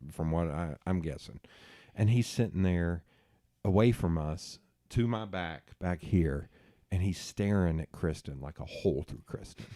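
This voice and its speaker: A middle-aged man hosts a casual podcast chat, telling long stories with a lot of swearing. His voice is low and mellow. The sound is dry and close. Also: dry recording. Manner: animated storyteller, swearing, laughing at himself. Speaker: podcast host.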